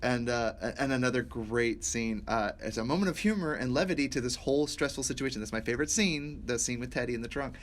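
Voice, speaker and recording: A man co-hosting a casual movie review chat, animated and laughing often as he acts out lines. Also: medium pitch, fast talker, few pauses. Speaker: podcast co-host.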